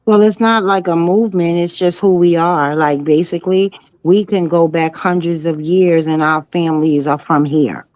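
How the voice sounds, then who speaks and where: A woman's voice: fairly low pitch, fairly even intonation, moderate pace, a little mellow, dry recording, rough recording. A woman co-hosting a casual talk show, chatty and laughing as she tells stories and quotes others. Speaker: co-host. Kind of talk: casual commentary chat.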